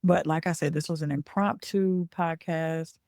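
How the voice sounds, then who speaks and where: A woman's voice: deep voice, fairly even intonation, unhurried, darkish tone, no echo. A chatty woman talks casually to her listeners and checks in with a frequent "okay?". She corrects herself mid-sentence and then carries on. The sound is dry and close, with no room around it. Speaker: podcast host and business coach. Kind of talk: casual talk.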